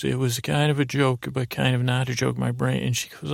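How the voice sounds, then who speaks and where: Man, bedtime story host, very gravelly, flat delivery, dry close mic, meandering. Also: mid-range voice, normal speed, dry recording. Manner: meandering, full of fillers and restarts.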